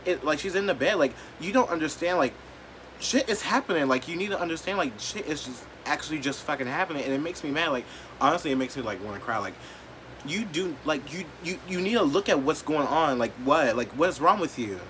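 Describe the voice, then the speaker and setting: A man vlogging an emotional rant to camera, blunt and profane, leaning on "like" and swinging between quiet, hurt lows and loud, defiant outbursts. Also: expressive, fairly quick, a little hiss or hum. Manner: blunt, profane and heated, heavy use of "like".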